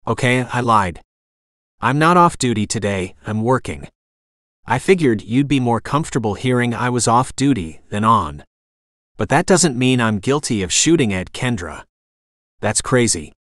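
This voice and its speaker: Man doing a hoarse, defensive cop. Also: medium pitch, animated, normal speed, a bit bright, dry recording, clean studio sound, close to an everyday voice. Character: angry, defensive male small-town cop.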